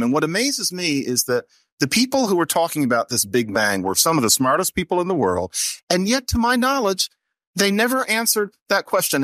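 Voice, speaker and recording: Animated, expressive man explaining. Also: medium pitch, no room sound. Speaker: guest linguist. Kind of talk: conversational explanation.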